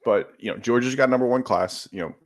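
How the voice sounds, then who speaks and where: A man's voice: medium pitch, quick pace. A man co-hosting a sports podcast, talking casually and running through rankings matter-of-factly. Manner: steady, lists stats and rankings matter-of-factly. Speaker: podcast co-host.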